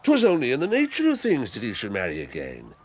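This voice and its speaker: A man's voice: mid-range voice, wildly swooping pitch, fast talker. An actor playing a hearty, talkative old country squire in a radio drama, rambling and fatherly. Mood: musing. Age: older. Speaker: Squire Hamley. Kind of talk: 1980s radio drama acting.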